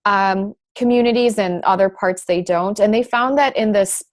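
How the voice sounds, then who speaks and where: A woman's voice: medium pitch, normal speed. Woman guest explaining thyroid research. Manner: thoughtful, with many fillers and restarts; lightly sarcastic at times. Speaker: guest, thyroid specialist pharmacist. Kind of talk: podcast interview.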